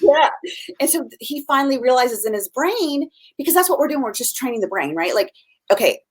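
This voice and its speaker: A middle-aged woman parenting coach chatting casually, lively and acting out quoted dialogue in changing voices. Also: high-pitched, brisk, breathy edge. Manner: animated, acts out quoted dialogue in shifting voices. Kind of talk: casual chat.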